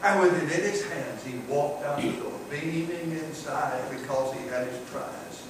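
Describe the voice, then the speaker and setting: A fervent revival preacher with a high-pitched voice, rising to emphatic peaks and then sinking to a hushed storytelling tone. He is heard from a distance in a very reverberant church, with noticeable background noise. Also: measured pace. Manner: fervent preaching that swells on key phrases; drops to a soft storytelling voice for an illustration. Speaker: guest preacher. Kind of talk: revival sermon. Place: church sanctuary. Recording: very echoey, distant, noisy room recording.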